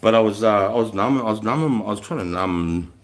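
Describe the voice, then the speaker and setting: A middle-aged man with an Australian accent talks in a casual, rambling way, frank and full of swearing. His voice sits a little low, and he tells his stories like a veteran chatting to a live audience. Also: fairly quick. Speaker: military veteran hosting a live stream. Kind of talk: casual storytelling chat.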